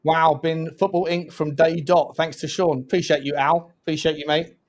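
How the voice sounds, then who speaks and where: Young man, slightly high voice, casual live-stream chat, laughs often. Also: level tone, moderate pace. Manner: chatty, lots of fillers and restarts, laughs often. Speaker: co-host.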